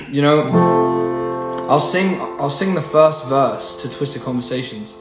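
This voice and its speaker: A young singer-songwriter chatting casually on a phone livestream, rambling with lots of fillers. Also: male voice, fairly high pitch, animated, takes it slowly, loud music behind the voice. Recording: roomy echo, faint noise.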